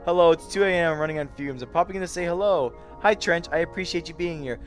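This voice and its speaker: A man's voice: on the high side, fast, soft background music. A tired young man chatting casually on a late-night livestream, yawning and rambling as he greets his chat by name. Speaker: VR streamer.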